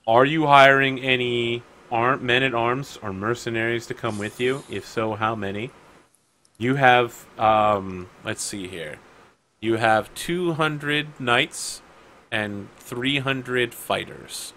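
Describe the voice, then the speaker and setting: A man casually narrating as game master for a tabletop game, quick and joking. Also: medium pitch, sharp tone, a little hiss or hum.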